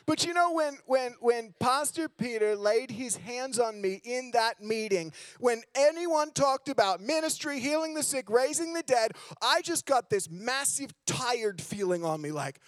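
A man preaching a sermon in a church, telling candid, self-mocking stories and swinging between loud emphasis and low, hushed lines. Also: expressive, a little slow, few pauses, dry recording. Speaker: guest preacher. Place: church sanctuary.

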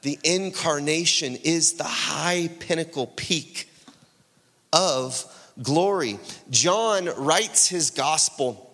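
A man's voice: fairly high pitch, takes it slowly. Man preaching in a reverberant hall. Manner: animated storytelling, acting out voices in quotes. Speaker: pastor. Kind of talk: sermon.

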